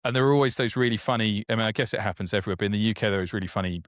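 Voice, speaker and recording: A man with a low voice co-hosts a podcast in loose, animated chat. He restarts his sentences often and leaps up in pitch when something excites him, all recorded dry and close. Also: rapid-fire, dry recording. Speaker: podcast co-host. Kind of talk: casual chat.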